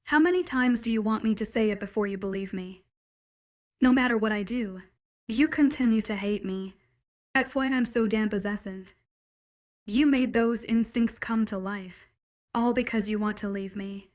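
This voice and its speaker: Reading as a possessive young male werewolf, a woman pleads with intense, desperate declarations. Her voice is a little high and a little mellow, at normal speed and lightly acted.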